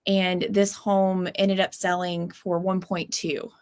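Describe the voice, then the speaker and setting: A woman's voice: lowish voice, level tone, slow pace, darkish tone. Chatty woman agent on a video call. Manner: chatty, storytelling with many fillers. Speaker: real estate agent. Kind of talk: casual panel chat.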